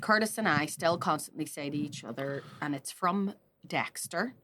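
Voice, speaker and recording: Bright-voiced woman telling funny stories. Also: low-pitched, moderate pace, a little hiss or hum. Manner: storytelling, laughs a lot, swears freely. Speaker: podcast co-host. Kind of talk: casual comedy chat.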